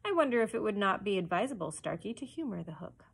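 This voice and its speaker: A woman voicing a theatrical, menacing grown male pirate captain who booms, sings and threatens silkily in a storybook reading. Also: sing-song, fast talker, vocal fry, breathy edge, heavily acted. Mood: silky menace. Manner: booming, sing-song, silkily threatening.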